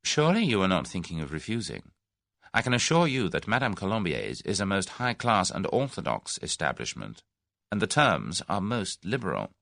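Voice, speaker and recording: A suave, scheming businessman in middle age coaxes in measured tones, played by a male audiobook narrator. His low, gravelly voice moves through lively rises and falls, and the recording is close and dry. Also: no echo, exaggerated voice. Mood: persuasive. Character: smooth, scheming middle-aged businessman, genial then menacing.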